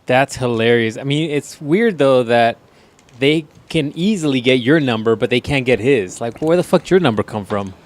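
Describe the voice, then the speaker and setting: A man's voice: medium pitch, expressive, moderate pace, no echo. A man co-hosting a casual podcast, laughing often and throwing in crude jokes. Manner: laughs a lot, crude joking. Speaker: podcast co-host. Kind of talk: casual chat.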